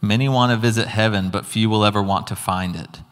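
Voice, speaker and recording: A man's voice: lowish voice, steady tone, a little fast, clear, resonant tone. A man giving an earnest, conversational sermon testimony with casual asides. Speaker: preacher. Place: church hall. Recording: long hall reverb.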